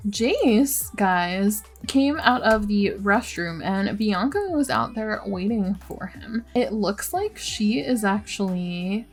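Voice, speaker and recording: Chatty young woman narrating gameplay. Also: mid-range voice. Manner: chatty, giggly, narrates drama with dismay. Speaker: let's play host. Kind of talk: casual gameplay commentary.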